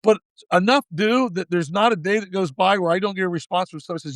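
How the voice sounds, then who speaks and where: A man's voice: high voice, fast, no room sound. A man in his sixties, a guest in a podcast interview, telling a long story in a folksy way and acting out the quoted dialogue. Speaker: guest, former baseball manager.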